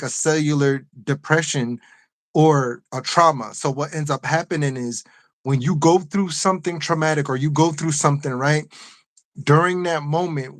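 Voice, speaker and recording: A man's voice: a little high, no echo. A man hosting a casual live discussion, earnestly explaining an idea with frequent restarts. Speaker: host.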